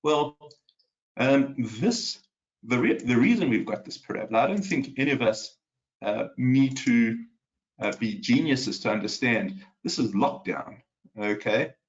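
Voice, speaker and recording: Man, mid-pitched voice, casual live market commentary, home office, rambling with fillers, questions for viewers, slightly muffled lo-fi sound. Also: animated, measured pace. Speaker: market analyst host.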